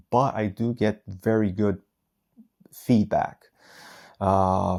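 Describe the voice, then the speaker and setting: A man's voice: lowish voice, gravelly, darkish tone. A man who is not a native English speaker, talking casually to camera about his interpreting work, rambling with many hesitations. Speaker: phone interpreter.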